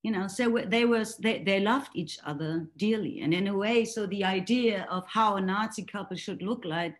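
Woman on a video call, searching for words, lots of restarts, mid pitch. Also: normal speed. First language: German. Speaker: guest reader in a book talk. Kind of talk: online book discussion.

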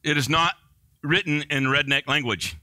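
A man's voice: on the high side, normal speed, sharp tone, no echo. A male pastor preaching a sermon in a conversational way, joking and poking fun at himself.

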